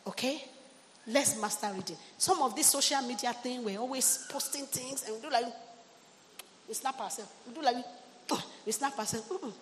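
Preaching at a normal speed in a somewhat high, fairly bright voice, this middle-aged pastor urges on her congregation and draws amens and hallelujahs back from them. Long church hall reverb and faint ambient noise surround her.

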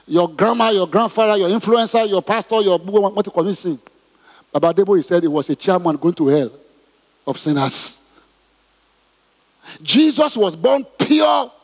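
Guy preaching, high husky voice, keeps repeating himself, echoey big hall. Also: normal speed, pauses often. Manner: emphatic, repetitive, animated preaching with stammered restarts. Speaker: pastor. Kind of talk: sermon.

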